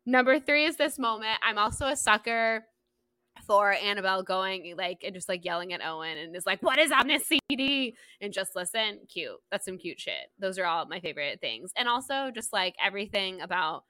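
A woman co-hosting a podcast, chatting casually about a book and gushing between loud squeals and low murmurs. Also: expressive, brisk, no echo. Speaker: podcast co-host.

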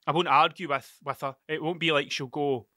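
A Scottish man in his thirties with an Ayrshire accent tells a long, digressive story full of swearing and restarts. His voice sits fairly high and sounds bright and edgy. The recording is close and dry, with no room sound. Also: steady tone, fairly quick, dry recording. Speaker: podcast host. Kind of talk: rambling solo storytelling.

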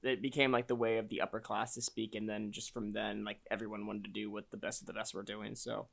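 A man's voice: lowish voice, flat delivery, quick pace, vocal fry, fairly bright tone. A young man co-hosting a casual chat, wry and teasing, who sometimes explains things at length. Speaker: podcast co-host.

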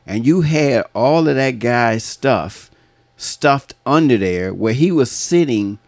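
A man's voice: mid-range voice, lively intonation, slow, darkish tone, no room sound. A man hosting a podcast, telling a long story in a casual, profane way and laughing often. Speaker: podcast host.

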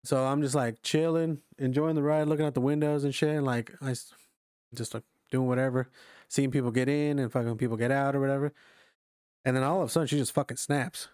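A man's voice: medium pitch, steady tone, brisk, darkish tone, smooth, dry recording, studio quality. A young man telling a rambling, profane story to friends in casual chat, full of fillers.

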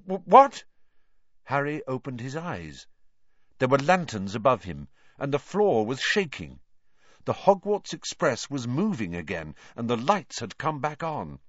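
A man reading an audiobook aloud in a slow, dramatic, expressive way. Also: mid-range voice, no room sound, highs cut off. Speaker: audiobook reader. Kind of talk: audiobook narration.

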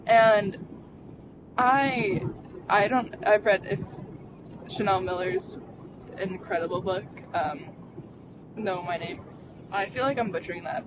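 A young adult vlogger telling a personal story from inside a car, halting and full of fillers and restarts. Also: medium pitch. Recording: vehicle noise behind. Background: car road noise.

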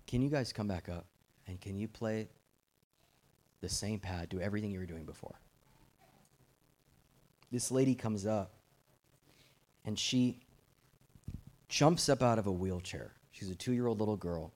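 A man's voice: on the low side, unhurried, long pauses, a little mellow. A middle-aged man preaching a fervent, urgent sermon as a guest preacher, his volume swelling and dropping as he presses his points.

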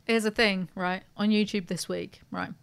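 A woman's voice: medium pitch, fairly even intonation, moderate pace, vocal fry, clear, resonant tone. A woman hosting a podcast in casual, sweary chat, laughing often. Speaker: podcast host.

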